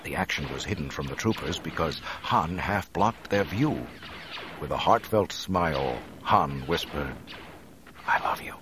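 Deep, expressive audiobook narrator. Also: male voice, measured pace, background noise. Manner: expressive, varied delivery.

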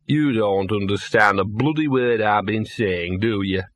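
A man doing a hoarse, cynical drunken dog. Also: medium pitch, measured pace, fairly bright tone, no echo. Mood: grumbling. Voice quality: hoarse, gruff. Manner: grumbling, self-pitying, lecturing. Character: scruffy cynical drunken little male dog.

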